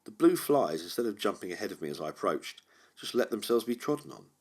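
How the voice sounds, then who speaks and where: A man narrating a horror audiobook in a measured, brooding way. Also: fairly low pitch, big pitch swings, slightly rough. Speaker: audiobook reader.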